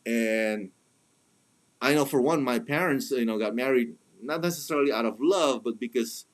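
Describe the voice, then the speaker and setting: A man's voice: medium pitch, moderate pace. A man giving a casual spoken review, talking in a chatty way with many fillers and restarts, and putting on mocking voices when he quotes others. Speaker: film reviewer.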